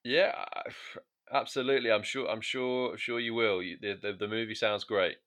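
A man's voice: lowish voice, steady tone, moderate pace, fairly bright tone. A man co-hosting a comedy podcast, chatting casually with stumbles and restarts. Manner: hesitant, stumbling restarts, dry. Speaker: podcast co-host.

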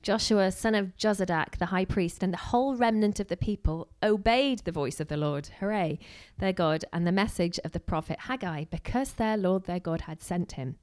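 A woman's voice: mid-range voice, moderate pace, few pauses, darkish tone. A woman giving a casual, chatty sermon, acting out quotes and dropping in asides. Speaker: preacher.

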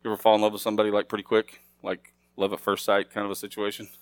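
A man's voice: on the low side, completely flat delivery, racing, no room sound. A middle-aged man preaching a sermon as pastor, talking casually with the congregation and rising to emphatic, raised passages.

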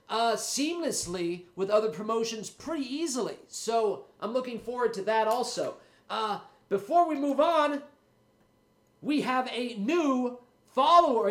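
Man, podcast host, has a cold, rambling and hyped, swears freely, high voice, roomy echo. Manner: rambling, hyped, salty and profane. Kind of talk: casual solo podcast talk.

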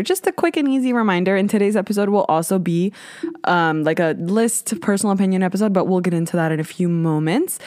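A young woman chats into a podcast mic from a small closet. Her voice sits a little low and sounds very dry and close. She rambles, swears casually, and pokes fun at herself. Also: darkish tone, no echo. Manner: chatty, swears, self-mocking, lots of "like". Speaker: podcast host. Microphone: podcast microphone.

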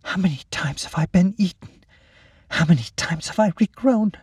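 A man's voice: sits high, expressive, normal speed, a little mellow, slightly rough, dry recording, studio quality, distant mic, pitched above the performer's own voice, heavily acted. A man voicing a strange, hungry young woman who keeps regrowing, in a raised, altered voice. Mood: haunted.

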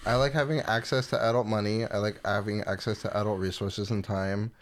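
A man's voice: lowish voice, fairly even intonation, brisk. A man in his twenties chatting casually on a podcast, laid-back, with lots of filler words and some swearing. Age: 20s. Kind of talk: casual chat.

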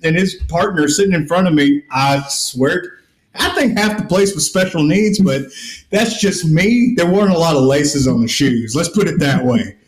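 His voice leans high and moves at a normal pace, bouncing around an echoey room. The podcast host swears freely through a long, casual anecdote, animatedly acting out what everyone said.

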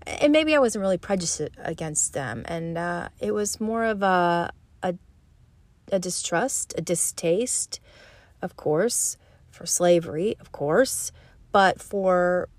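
A woman's voice: mid-range voice, dry recording. Woman author, earnest teaching talk, hesitant fillers, dry close sound. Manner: earnest, with frequent fillers and restarts.

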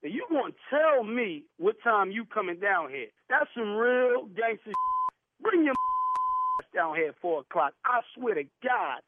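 A man's voice: sits high, very animated, measured pace, heavy background noise. A man on a phone call, arguing defensively in heavy slang. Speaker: caller. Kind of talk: heated phone argument. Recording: tinny phone line.

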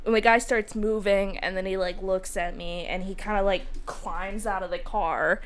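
A woman co-hosting a podcast, telling a story in casual chat with lots of swearing and animated delivery. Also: mid-range voice, moderate pace. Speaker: podcast co-host.

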